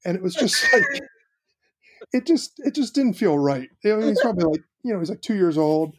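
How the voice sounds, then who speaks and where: Husky dad telling a funny story. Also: male voice, high voice, quick pace. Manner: storytelling, animated quoting of his kids. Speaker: podcast co-host. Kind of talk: casual chat.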